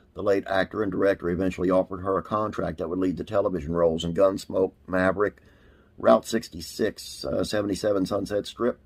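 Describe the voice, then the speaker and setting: A man's voice: sits low, vocal fry, breathy edge. A man hosting a classic TV trivia channel, reading an article aloud in a casual way with frequent "uh" fillers.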